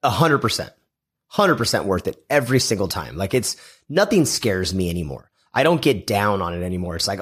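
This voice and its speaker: A middle-aged man, a guest on a podcast, talking casually and acting out quoted conversations with lively shifts in his voice. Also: fairly low pitch, a little fast, husky. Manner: animated storyteller, acts out quoted dialogue. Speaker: guest, house flipper.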